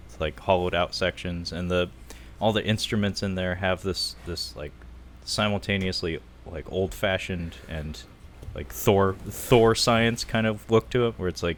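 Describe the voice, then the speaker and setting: A man co-hosting a casual film podcast, chatty and quick to laugh, full of "like" and "uh". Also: sits low, a bit bright. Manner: chatty, laughs often, many fillers like "like" and "uh". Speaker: podcast co-host.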